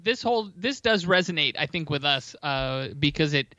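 Bright-voiced man on a dull, dry mic. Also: a little high, animated, dry recording. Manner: halting, many restarts, joking. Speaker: podcast co-host. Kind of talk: casual podcast chat.

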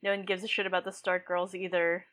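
A woman's voice: on the low side, level tone, fast, a bit bright. A woman co-hosting a podcast, chatting casually about a book with lots of filler words. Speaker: podcast co-host.

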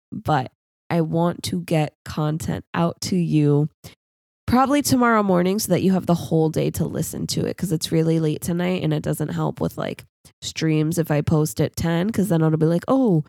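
Young woman on her podcast, low raspy-ish fry voice, just brain dumping and laughing at herself. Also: normal speed, darkish tone, no room sound, clean studio sound. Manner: rambling, self-aware, laughs at herself. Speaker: podcast host. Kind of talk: casual solo podcast chat.

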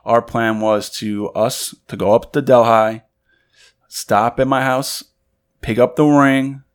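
A man tells a personal story in casual podcast chat. His delivery is animated, and he slips into the voices of the people he quotes. His pitch sits in an ordinary middle range. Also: takes it slowly, smooth. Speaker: podcast co-host.

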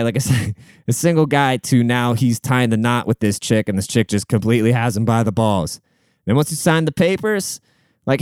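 A man's voice: medium pitch, moderate pace, darkish tone, clean tone, no echo, clean studio sound. Crude, blunt young man ranting. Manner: profane, blunt, rambling. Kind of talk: crude casual monologue.

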